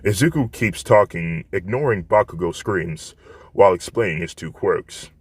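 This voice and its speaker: A man narrating a fan story in a plain, steady reading voice. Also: low voice, normal speed, husky, no echo.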